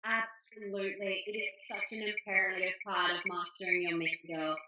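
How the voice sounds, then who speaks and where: Over roomy-sounding video call audio, a female author responds to interview questions with enthusiasm, acting out her family's quotes. Her mid-range voice has little pitch movement, a sharp tone, and a normal speed.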